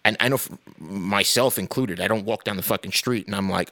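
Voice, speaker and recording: A man's voice: fairly low pitch, brisk, vocal fry, hardly any pauses, pushed and bright. A man hosting a podcast, ranting in a casual, blunt, profane way with sarcastic asides and laughs between points. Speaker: podcast host.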